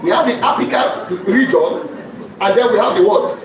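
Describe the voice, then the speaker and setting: A man's voice: sits high, expressive, moderate pace, crowd noise. A male lecturer teaching in call-and-response style. He keeps firing quiz questions and checking that listeners are following. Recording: echoey hall, distant mic, audience noise.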